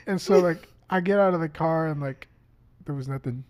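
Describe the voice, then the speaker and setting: In a casual podcast conversation, this male guest spins an anecdote full of profanity and energy, performing the lines of the people involved. He speaks on the high side at a moderate pace.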